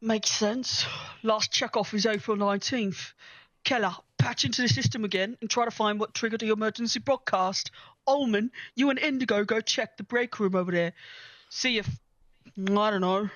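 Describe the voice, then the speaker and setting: A woman's voice: medium pitch, normal speed, a bit bright, no room sound, rough recording. A woman co-hosting a podcast, joking and giggling in casual chat. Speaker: podcast co-host. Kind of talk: casual chat and story reading.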